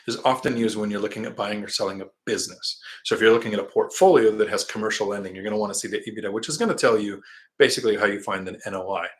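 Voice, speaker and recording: Middle-aged male live-stream host, deeper voice, casual and rambling, reads viewer comments out loud. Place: quiet indoor spot.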